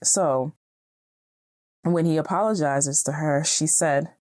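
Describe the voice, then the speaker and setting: A woman's voice: deep voice, slow pace, darkish tone, no echo, clean studio sound. A woman hosting her own podcast, talking casually and encouragingly, laughing now and then. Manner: chatty, encouraging, laughs often. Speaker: podcast host. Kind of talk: casual solo podcast talk.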